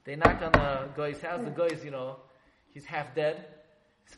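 A man telling a story to a class, lively and joking with his listeners in a room with an audience. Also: fairly high pitch, normal speed. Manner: animated, joking asides with the audience. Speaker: religious teacher. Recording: echoey room, faint background noise.

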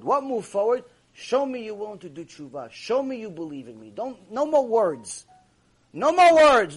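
A man's voice: extremely high pitch, slightly rough. A man teaching a Torah class as a rabbi, preaching emphatically to a live audience and repeating key phrases. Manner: speaks straight to the audience with rhetorical questions. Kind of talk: sermon-style Torah lecture. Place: warm lecture room with a live audience.

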